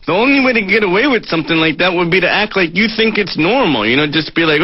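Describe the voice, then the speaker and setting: A man's voice: high voice, expressive, quick pace, hardly any pauses, husky, no echo. A man doing self-mocking stand-up addressed to his therapist, on dry, dull lo-fi TV audio. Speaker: stand-up comedian. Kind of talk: stand-up monologue.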